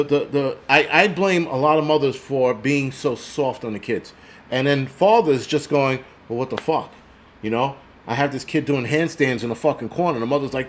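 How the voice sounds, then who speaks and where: A man in his forties hosting a casual livestream, ranting bluntly and profanely and reading out viewer comments. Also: mid-range voice. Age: 40s. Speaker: host.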